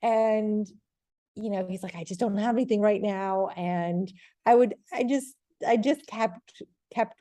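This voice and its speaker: A woman in her thirties, a TV reporter telling her career story in a casual interview, rambling with lots of "like" and lively retellings. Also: mid-range voice, a little slow. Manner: rambling, heavy use of "like", animated retelling. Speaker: TV sports reporter, guest.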